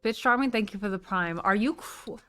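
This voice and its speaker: A woman's voice: medium pitch, brisk, a bit bright, smooth, soft background music. Chatty, swearing woman livestreamer. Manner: chatty, swears a lot, gushes thanks at donations. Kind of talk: casual stream chat.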